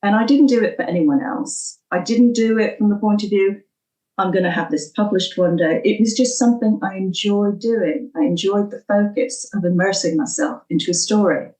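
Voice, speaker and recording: Middle-aged female guest, faint New York accent softened by British, remote echoey mic. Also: medium pitch, normal speed, few pauses. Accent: faint American, mixed with British after forty years in England. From United States, New York. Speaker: podcast guest, short story writer. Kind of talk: interview answers, storytelling. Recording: echoey and distant.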